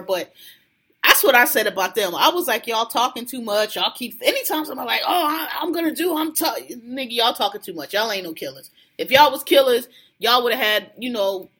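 A woman hosting a podcast, chatting casually and profanely about a TV episode, acting out characters' lines. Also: a little high. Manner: animated, profane, laughs often, acts out characters' lines. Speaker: podcast host. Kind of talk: casual TV recap chat.

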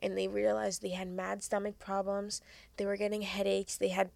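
A woman's voice: mid-range voice, completely flat delivery, normal speed, vocal fry, darkish tone, no echo. A young woman hosting a podcast, giving frank, earnest advice in casual chat and swearing freely. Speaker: podcast host.

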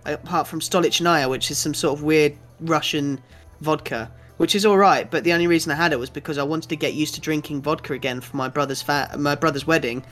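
A young man with a British accent chats loosely as co-host, wandering through his thoughts with casual swearing and easy laughs. His voice sits a little high, and soft music plays faintly behind him. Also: fairly quick. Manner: rambling, chatty, swears casually, laughs often. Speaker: podcast co-host. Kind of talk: casual chat.

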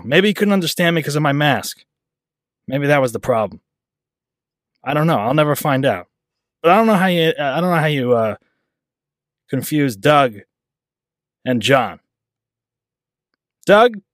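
A man's voice: medium pitch, lively intonation, moderate pace, long pauses, no room sound, studio quality. A man hosting a podcast, telling a rambling everyday story in a casual, self-deprecating way. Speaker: podcast host. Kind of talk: casual monologue.

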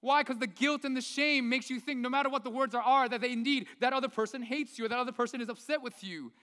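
Bright-voiced preaching pastor, hall reverb. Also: male voice, extremely high pitch, fast talker. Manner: animated, conversational preaching with rhetorical questions. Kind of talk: sermon. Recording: long reverb of a large hall.

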